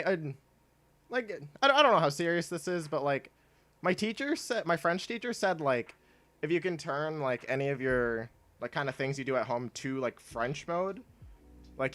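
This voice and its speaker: A man's voice: medium pitch, moderate pace, a bit bright. A young man chatting casually while streaming a video game, rambling with lots of fillers and laughing often. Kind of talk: casual gameplay stream chat.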